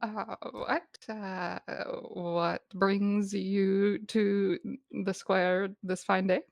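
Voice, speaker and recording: A woman's voice: medium pitch, flat delivery, extremely slow, creaky, no room sound, muffled recording. A woman voicing a polite female goblin ranger who stammers and hesitates. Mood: polite, halting.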